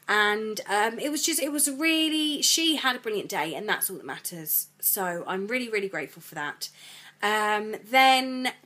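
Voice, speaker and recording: A woman's voice: mid-range voice, moderate pace. A pregnant woman, rambling through a chatty vlog story and acting out what others said. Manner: rambling, animated retelling, quoting others. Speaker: vlogger.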